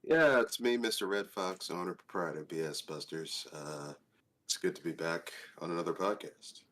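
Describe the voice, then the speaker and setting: A man on a podcast panel, hoarse and deeper-voiced than usual from a cold, talking bluntly and joking around. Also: moderate pace, a bit bright. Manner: blunt, jokey, swears casually. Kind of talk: casual podcast chat.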